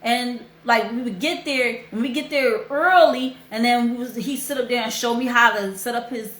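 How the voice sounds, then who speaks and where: A young woman hosting a casual livestream tells a story with open emotion in a fairly high, fairly bright voice at normal speed. She's chatty and heartfelt, circling back to repeat what matters, and the roomy sound carries a clear echo.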